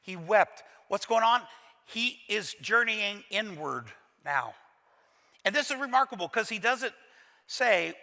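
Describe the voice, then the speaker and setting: Bright-voiced pastor from Kentucky preaching. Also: male voice, high-pitched, takes it slowly, creaky. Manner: animated, dramatic storytelling with folksy humor. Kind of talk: sermon. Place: large church auditorium. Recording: reverberant church hall.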